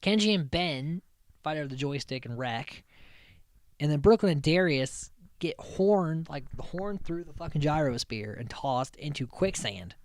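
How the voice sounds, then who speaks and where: A man's voice: a little high, lively intonation, unhurried, no room sound, clean studio sound. A man hosting a podcast, recapping episodes in a rambling, chatty way, swearing freely and often restarting his sentences. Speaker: podcast host.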